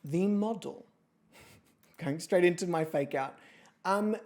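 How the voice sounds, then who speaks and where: A woman chatting on her livestream as host of an online model competition, jokey and prone to squealing high voices. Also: takes it slowly, darkish tone. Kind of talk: casual livestream chat. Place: home streaming setup with a pet nearby.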